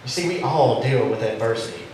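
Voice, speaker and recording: A pastor preaches a sermon in a church sanctuary, his mid-range, somewhat dark voice moving a little quickly as he tells a story with a joking twist. The recording sounds echoey and distant, with faint room noise.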